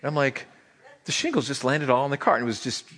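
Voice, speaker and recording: Lively, joking middle-aged pastor. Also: male voice, mid-range voice, fast talker. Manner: conversational, joking, repeats words when starting sentences. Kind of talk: sermon.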